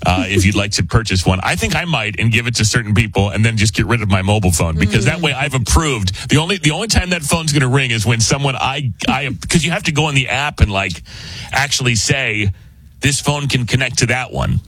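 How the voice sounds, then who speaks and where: A husky man in casual storytelling mode, his pitch swooping up and down as he talks. He laughs often and acts out the voices of the people in his story. The sound is dry and close, with no room echo. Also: animated, brisk, fairly bright tone.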